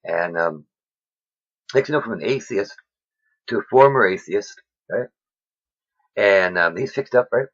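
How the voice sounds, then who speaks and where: Casting note: husky man, rambling and excitable, preaching casually into a dull lo-fi recording. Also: lowish voice, unhurried, long pauses. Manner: rambling, excitable, many fillers. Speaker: vlogger. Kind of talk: casual faith monologue.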